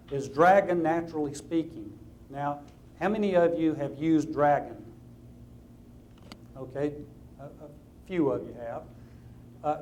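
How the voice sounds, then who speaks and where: A man's voice: on the high side, darkish tone, a little hiss or hum. Southern-drawling man giving a lecture. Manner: conversational, practical, with light anecdotes. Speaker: attorney giving a seminar talk. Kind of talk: conference presentation to lawyers.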